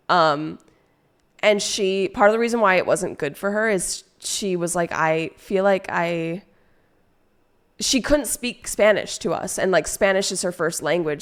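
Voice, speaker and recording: A woman's voice: lowish voice, a bit bright. A woman streamer chatting casually with her viewers, rambling and swearing freely, drunk and stoned.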